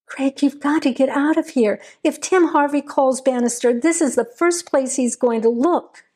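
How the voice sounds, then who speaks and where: A woman's voice: high voice, normal speed, darkish tone, voice pushed up, natural voice. A woman voicing a frightened young woman who pleads anxiously with her boyfriend. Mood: pleading.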